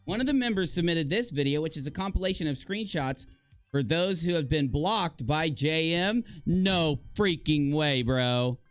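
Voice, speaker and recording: A male host chats in a relaxed, low everyday voice, cursing and laughing as he mocks what he reads. His voice is close and dry, with faint music playing behind him. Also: moderate pace, dry recording. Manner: laughing, profane, mocking. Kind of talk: casual commentary reading screenshots.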